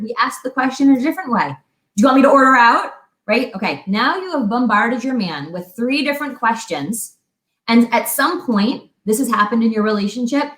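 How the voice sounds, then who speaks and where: A woman co-hosting a fitness talk, giving chatty, animated relationship advice and acting out little quotes. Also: a little high. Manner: chatty, animated, laughs often, acts out quotes. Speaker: fitness coach co-host. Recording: echoey room.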